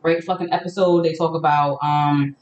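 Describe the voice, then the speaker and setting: A woman's voice: low voice, steady tone, normal speed, darkish tone, lo-fi sound, a little hiss or hum. Brief: female podcast host, New York accent, loose filler-heavy chat, roomy distant sound. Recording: echoey room, mic at a distance.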